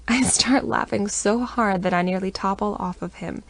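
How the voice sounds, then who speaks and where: A woman narrating a first-person romance audiobook in an intimate, expressive reading voice. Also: medium pitch, normal speed, vocal fry.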